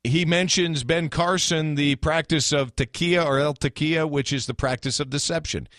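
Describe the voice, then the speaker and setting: A man's voice: on the high side, moderate pace, a bit bright, no echo, clean studio sound. Blunt ranting male radio host. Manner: blunt, ranting, with sarcastic asides. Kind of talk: opinionated radio commentary.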